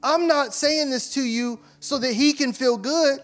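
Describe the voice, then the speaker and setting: Emphatic high-voiced male pastor preaching. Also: measured pace. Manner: emphatic preaching, rising to loud questions, dropping to soft asides. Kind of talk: sermon.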